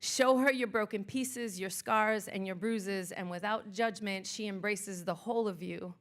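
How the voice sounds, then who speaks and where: The woman leading rhythmic, declarative affirmations at the art museum event space is a motivational speaker doing live spoken word. Her voice is medium in pitch and her pace measured.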